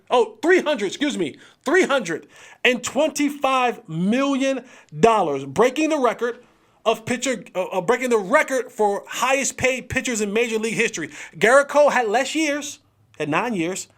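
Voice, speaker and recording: A man hosting a sports talk show, with a voice that sits well above the usual male range. He speaks casually and full of slang, addressing viewers directly. His delivery is emphatic and animated, and he stretches out his exclamations. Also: extremely high pitch. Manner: slangy, talks straight to viewers.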